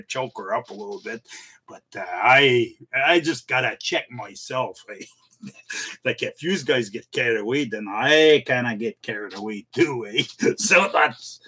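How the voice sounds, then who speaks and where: A man's voice: mid-range voice, sharp tone, slightly rough. A middle-aged man hosts a casual live stream from his home computer, chatting folksily with viewers, mocking himself and chuckling often.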